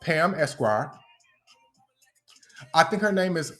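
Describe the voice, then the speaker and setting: His voice is on the high side and fairly bright, a little fast but broken by long pauses. A young man on a live stream, he answers critics in a heated, profane, confrontational angry rant.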